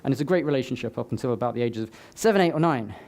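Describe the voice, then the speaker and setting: A man's voice: medium pitch, expressive, very fast, darkish tone. A man giving a motivational talk to a live audience, conversational, with joking asides to the crowd. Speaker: summit speaker. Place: live event before an audience.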